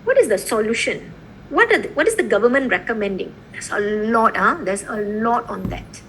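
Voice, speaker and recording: A woman's voice: medium pitch, normal speed, slight background noise, poor audio. A woman law lecturer teaching a class, explaining an assignment and often checking in with her students. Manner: lively, repeatedly checking in with "okay?" and "right?".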